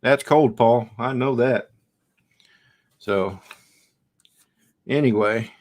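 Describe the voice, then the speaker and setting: A man's voice: mid-range voice, darkish tone. A middle-aged man hosting a casual live stream from home, rambling and chatting back to viewer comments in front of his camera. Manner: slow, rambling, reads out and answers viewer comments. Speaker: livestream host.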